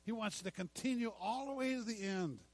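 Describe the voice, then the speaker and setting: A middle-aged man preaching from the pulpit in a voice pitched a bit high for a man. He leans hard on the scripture, stretching key words out slowly. Then he drops to soft, low asides. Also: rough recording. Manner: emphatic preaching, slows to stress scripture, drops to hushed asides. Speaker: pastor. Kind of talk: sermon.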